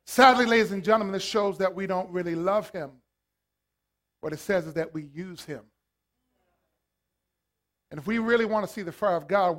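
Man preaching in church, very high voice, dynamic, hushed to shouted. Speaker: pastor. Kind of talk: sermon.

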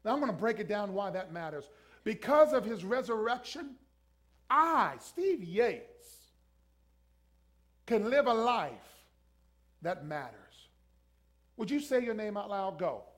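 A man's voice: high voice, big pitch swings, moderate pace. A man preaching a sermon as pastor, emphatically urging the congregation to repeat lines after him. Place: church.

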